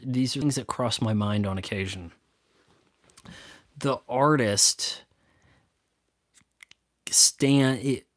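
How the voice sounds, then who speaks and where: A YouTube host with a medium-pitched voice runs a casual solo chat answering viewer questions, rambling and stop-start with sarcastic asides. The studio-quality sound has no echo.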